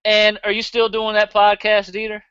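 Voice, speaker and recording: Crisp-voiced Southern man hosting a podcast. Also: high voice, completely flat delivery, normal speed, pushed and bright, no echo, muffled recording. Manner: blunt and profane, laughs easily. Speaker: podcast host. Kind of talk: casual podcast chat.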